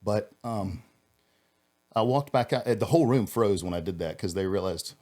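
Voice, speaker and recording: A man with a very low, deep voice, a former police officer who is a guest on a podcast. He tells a personal story earnestly, stumbling and restarting his phrases. In the heavy moments his voice sinks lower and softer. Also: lively intonation. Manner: earnest, halting, with frequent restarts.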